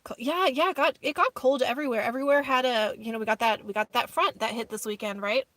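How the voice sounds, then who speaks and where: On the high side and a bit bright, this woman's voice moves at a quick pace with no echo. She's a vlogger chatting casually on a live stream from her minivan while camping off grid outdoors, reading her viewers' comments aloud and referring to them as "y'all."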